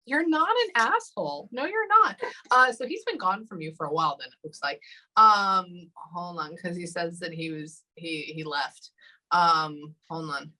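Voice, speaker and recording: Bright-voiced woman giving a halting psychic reading. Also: low-pitched, rough recording. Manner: halting, often pausing with hold on and um. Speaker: psychic medium. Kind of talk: live psychic reading session.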